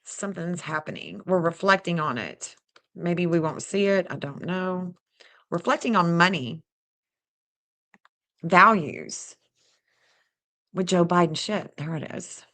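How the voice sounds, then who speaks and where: A woman's voice: lowish voice, unhurried, pauses often. Chatty woman livestreaming. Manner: chatty and excitable, talks to viewers, laughs often. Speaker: livestream host reading astrology maps. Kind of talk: casual livestream chat.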